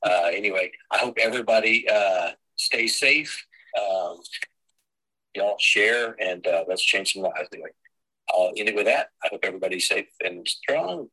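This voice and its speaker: A man's voice: lowish voice, animated, normal speed, bright, forceful tone, slightly rough, rough recording. A man giving rambling, folksy closing remarks on a call, heard over a phone on speaker. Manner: folksy, rambling, addresses listeners as y'all. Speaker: team leader closing a sales call.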